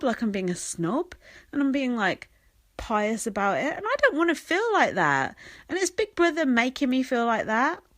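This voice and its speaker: Blunt, lively English woman ranting. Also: a little high, no room sound. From England. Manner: chatty, sarcastic, blunt and swearing, with mocking quoted voices. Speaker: podcast host. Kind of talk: casual solo podcast rant.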